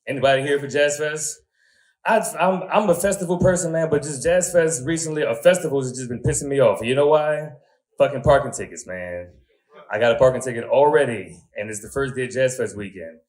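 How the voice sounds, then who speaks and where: A man's voice: medium pitch, brisk, darkish tone. A man in his thirties working a stand-up crowd. He talks in an easy, conversational way, leans into crude punchlines, and keeps tossing short asides to the audience. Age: 30s. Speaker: stand-up comedian. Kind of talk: stand-up comedy set.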